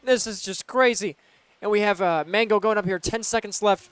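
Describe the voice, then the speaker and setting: A young man with a slightly high, smooth voice calls a college esports match play by play. He gets excitable and loose, with plenty of fillers, and sounds dry and close on a headset mic. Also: normal speed, no room sound. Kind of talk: play-by-play commentary.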